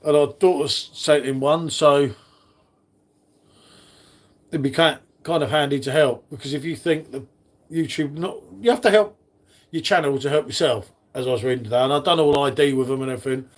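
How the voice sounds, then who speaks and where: Matey guy chatting to his stream, slightly high voice. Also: normal speed. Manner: chatty, matey, talks to chat readers by name. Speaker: live stream host. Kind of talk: casual live stream chat.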